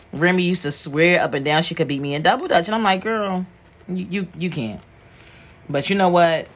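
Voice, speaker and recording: A grieving woman talking frankly and emotionally to camera while sewing with needle and thread, rambling and swearing freely. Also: low-pitched. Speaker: wig maker working while talking. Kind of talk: candid talk to camera while working.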